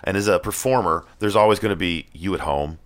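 A man's voice: deep voice, a little fast. A man in his forties with a Southern US accent, a comedian chatting casually and thoughtfully, with restarts and asides. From American South. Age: 40s. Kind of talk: casual conversation.

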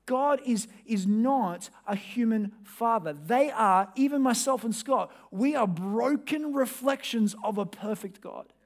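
A man preaching a sermon as pastor, talking conversationally and directly to his congregation, sometimes pressing hard and sometimes dropping to a hush. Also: very high voice, lively intonation, measured pace, few pauses.

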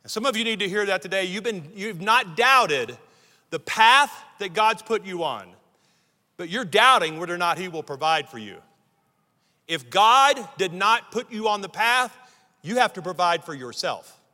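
Bright, high-voiced preacher in a hall. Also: male voice, lively intonation, normal speed. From United States. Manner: emphatic preaching, building lists and repeated phrases. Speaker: pastor. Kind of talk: sermon. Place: church sanctuary. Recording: long reverb of a large hall.

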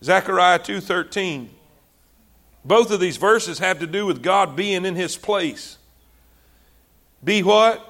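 High, bright-voiced fervent preacher. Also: male voice, animated, slow, pauses often. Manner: fervent, repetitive, conversational. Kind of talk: sermon.

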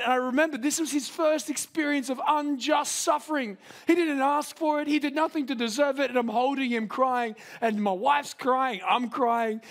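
A young man preaching a sermon. He tells a story with self-deprecating humor, in an animated way. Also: very high-pitched, moderate pace, few pauses.

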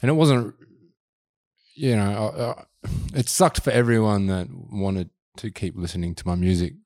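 A man's voice: on the low side, moderate pace, no room sound, clean studio sound. Laid-back man on a podcast. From Australia. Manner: relaxed, laid-back, casual swearing. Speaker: podcast co-host and musician. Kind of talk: casual podcast chat.

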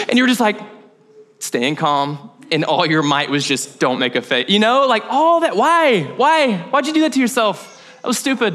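High, bright-voiced animated male pastor. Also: big-room sound. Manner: animated storytelling, acting out scenes. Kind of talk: sermon. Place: church hall.

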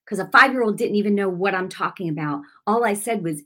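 A woman minister telling a story in a broadcast sermon, speaking in an animated, emphatic way and laughing often. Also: mid-range voice, fast.

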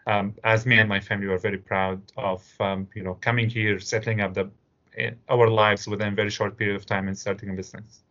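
A man's voice: lowish voice, quick pace, muffled recording. A middle-aged man from Syria with a Syrian Arabic accent, telling stories in an interview as a guest and acting out voices in his anecdotes. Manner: animated storyteller, acts out voices in anecdotes. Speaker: interview guest, immigrant business owner. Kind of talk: storytelling interview answers.

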